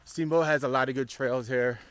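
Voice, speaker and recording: A man's voice: mid-range voice, steady tone, brisk, a bit bright. A man hiking outdoors and talking to his handheld camera, out of breath, chatty and joking, calling his viewers y'all. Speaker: hiking vlogger. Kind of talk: casual vlog talk to camera. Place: outdoors on a mountain trail.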